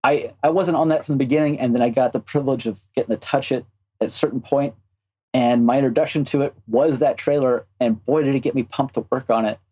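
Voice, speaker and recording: Mellow guy, game animator on a podcast, thinks out loud, lots of restarts. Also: mid-range voice, breathy edge, poor audio. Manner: thoughtful, halting with restarts. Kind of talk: casual interview chat.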